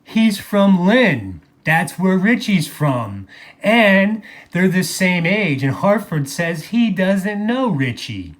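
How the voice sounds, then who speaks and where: A man's voice: high voice, sing-song, takes it slowly. A man delivering an angry, profane vlog monologue, mocking people and repeating phrases for emphasis. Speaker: video blogger.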